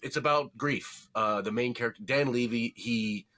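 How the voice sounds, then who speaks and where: Bright-voiced rambling male podcast host. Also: mid-range voice, normal speed. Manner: rambling, self-correcting, jokey. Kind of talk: casual movie review chat.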